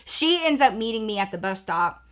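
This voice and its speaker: A woman's voice: mid-range voice, big pitch swings, moderate pace. A young woman telling a personal story to her viewers in a candid, profane, chatty way. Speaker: storytime vlogger. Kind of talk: casual storytelling.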